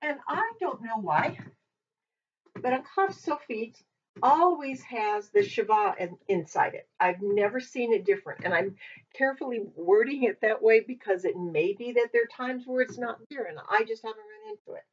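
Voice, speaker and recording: A woman with a breathy voice leads an informal Hebrew lesson, thinking aloud and correcting herself as she goes. She sits back from the microphone, and the recording sounds dull and lo-fi. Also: a little high, expressive, normal speed. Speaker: Hebrew teacher. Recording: dull lo-fi mic from a distance.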